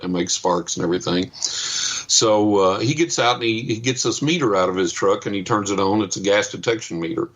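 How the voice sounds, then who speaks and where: A middle-aged man with a fairly low voice tells a long story as a guest on a radio interview. He is animated and acts out the voices of the people in the story as he goes. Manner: animated storyteller acting out other people's lines. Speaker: psychic and paranormal investigator, guest.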